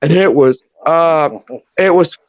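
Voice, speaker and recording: A man with a high, dry voice tells a story in casual chat, swearing freely. The call audio is muffled and lo-fi. He is a co-host of the show. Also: takes it slowly, no echo.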